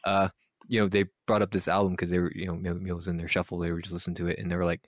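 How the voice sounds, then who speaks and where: A man co-hosting a podcast who chats casually about music with quick, animated reactions. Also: low voice, no room sound, clean studio sound. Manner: quick, animated, swears in mock outrage. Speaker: podcast co-host.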